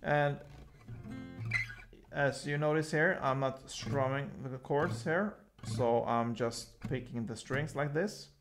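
A man teaching a guitar lesson in a casual, relaxed way, calling out chords and explaining how to pick the strings. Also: medium pitch. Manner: slow, relaxed explaining between chord names. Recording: guitar playing loudly behind the voice.

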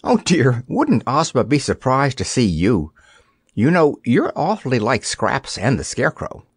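A man voicing a curious, cheerful young girl in a storybook reading, lively and earnest. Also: mid-range voice, measured pace, slightly rough, dry recording, clean studio sound, heavily acted.

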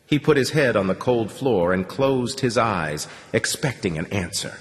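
Low, expressive male audiobook narrator. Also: unhurried. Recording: long reverb on the voice.

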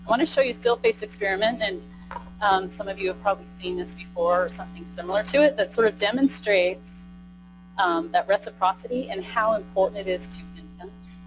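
Over music in a low-quality recording, a presenter speaks a little fast in a medium-pitched voice. She delivers a live training lecture to a conference-room audience, casually adding "right?" to her points and asking questions.

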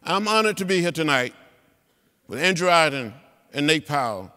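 A man, giving an inspirational speech in a rhythmic, preacher-like cadence with repeated phrases that swell to loud peaks. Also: on the high side, animated, normal speed, smooth. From Alabama. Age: 70s. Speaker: guest speaker. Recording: long reverb of a big hall.

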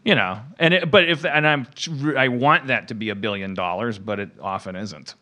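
Casual middle-aged male podcast host, bright tone, talks in loose run-on bits. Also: on the low side, normal speed. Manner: rambling, animated, many restarts, jumps into silly voices. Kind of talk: casual comedic chat.

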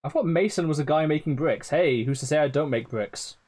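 A man's voice: on the high side, a little fast, a little mellow. A man streaming a game live, swearing often, laughing and teasing his chat. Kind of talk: live gameplay commentary.

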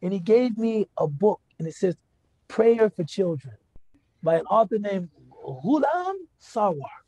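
Gravelly, high-voiced male lecturer. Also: very animated, measured pace, mellow, no echo. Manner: conversational, frequent rhetorical "right?" and "you know". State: moved to emotion. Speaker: Islamic speaker giving a lecture. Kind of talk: personal storytelling lecture.

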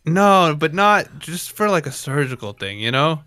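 A man's voice: on the high side, very animated, normal speed, pushed and bright, clear, resonant tone, dry recording, studio quality. A young man hosting a podcast, telling rambling stories in casual chat and laughing often. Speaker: podcast host.

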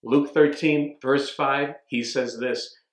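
A man's voice: medium pitch, steady tone, takes it slowly. Echoey preaching male pastor. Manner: preaching with many restarts and stammered repeats. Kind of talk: sermon.

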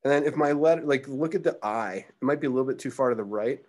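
A man's voice: medium pitch, quick pace, a little mellow. A young man teaching a live drawing class, chatting casually and thinking aloud as he sketches. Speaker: art teacher.

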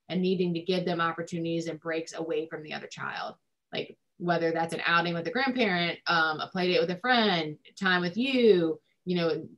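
A woman's voice: low-pitched, fairly bright tone. A woman family therapist giving advice in a recorded discussion, conversational with frequent ums and likes.

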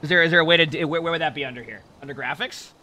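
A man's voice: a little high, rapid-fire, sharp tone. A male streamer talking casually to himself, puzzled as he works through the game's settings. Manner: puzzled, thinking aloud while fiddling with settings. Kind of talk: casual gameplay talk.

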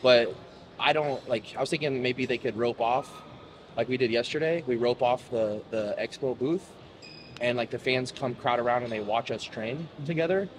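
A man's voice: medium pitch, normal speed. A man hosting a casual vlog, chatty and upbeat, talking at a hotel breakfast buffet. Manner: chatty, upbeat, says "bro" and "like". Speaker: vlog host. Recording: busy crowd noise behind. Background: loud crowd chatter.

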